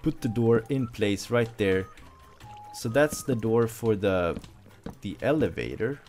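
Excitable gamer commentating his play, very animated delivery. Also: on the low side, unhurried, soft background music. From Sweden. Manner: excitable, jumpy, yelps when startled. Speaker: gameplay commentator.

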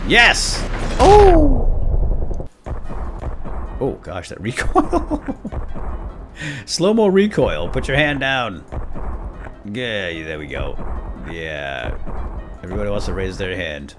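Excitable male gamer, very lively pitch, casual jokey commentary over game music. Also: takes it slowly, pauses often. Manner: excitable, jokey, talks to teammates. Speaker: let's play gamer.

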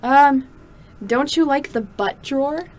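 A woman's voice: sits high, slow pace, darkish tone. A young woman co-hosting a casual chat, teasing and wry. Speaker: co-host.

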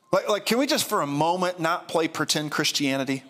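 A pastor preaching a sermon in an earnest, candid way, often repeating and restarting phrases. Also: male voice, a little high, expressive, fairly quick, bright, forceful tone.

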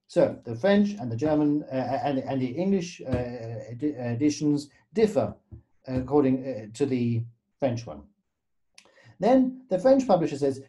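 A man's voice: a little high, big pitch swings, a little slow, dark tone. A man, a guest pianist, explaining in a storytelling way with frequent fillers and tag questions. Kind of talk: conversational explanation.

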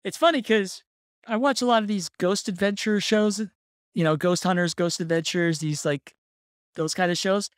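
A podcast host telling a story in casual chat, relaxed and laughing often. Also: mid-range voice, moderate pace, no echo, studio quality.

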